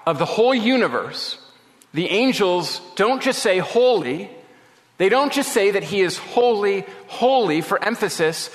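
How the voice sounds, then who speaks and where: A man preaching a sermon as a pastor, slow and emphatic with dramatic pauses. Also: fairly high pitch, a bit bright, in a large hall. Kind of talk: radio sermon.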